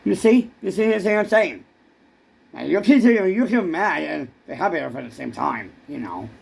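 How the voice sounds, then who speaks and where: A man's voice: sits high, lively intonation, normal speed, creaky, slightly rough. A man in a rambling comic monologue who stammers and keeps repeating words.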